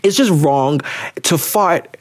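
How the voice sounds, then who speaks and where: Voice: mid-range voice, slow pace. Podcast host, casual chat, theatrical delivery, mid-height voice. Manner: animated and theatrical, laughs often.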